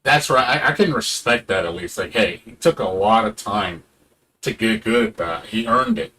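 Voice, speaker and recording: A man's voice: fairly low pitch, animated, moderate pace, sharp tone. A man streaming a game, ranting in a casual, profane and sarcastic way, now and then mocking other people in put-on voices.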